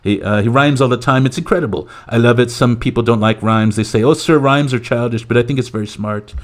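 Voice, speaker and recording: A man's voice: mid-range voice, a little fast, voice pushed up, lightly acted. A man doing a bragging president impression. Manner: loud bragging, repetitive superlatives. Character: boastful rambling male president, self-praising. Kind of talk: comic impression in a podcast skit.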